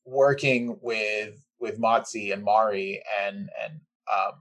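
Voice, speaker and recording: A man's voice: lowish voice, slow, a bit bright. A man who voices a role in an audio drama, talking casually and hesitantly about his craft with many fillers. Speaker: voice actor. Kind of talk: casual behind-the-scenes chat.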